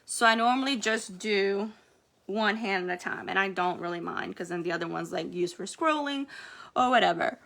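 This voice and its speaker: Bright-voiced woman chatting through a tutorial. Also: medium pitch, normal speed, creaky. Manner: chatty, rambling with many fillers. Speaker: nail care tutorial vlogger. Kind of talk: casual how-to demonstration.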